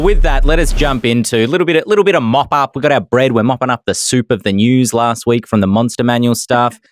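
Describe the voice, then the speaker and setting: A man's voice: mid-range voice, clean tone, no echo, studio quality. A man hosting a casual tabletop gaming podcast panel, playful and jokey, laughing often. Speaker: podcast host.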